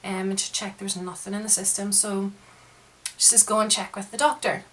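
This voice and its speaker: A woman's voice: mid-range voice, brisk, rough recording. Frustrated woman venting in a vlog. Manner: frustrated, retelling events with lively quoted dialogue. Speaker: vlogger. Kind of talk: casual ranting monologue.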